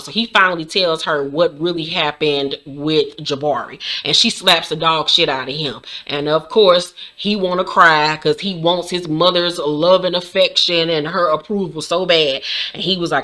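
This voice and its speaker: Bright-voiced woman recapping a TV episode. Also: lowish voice, measured pace. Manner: profane, animated, acts out characters' lines. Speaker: recap vlogger.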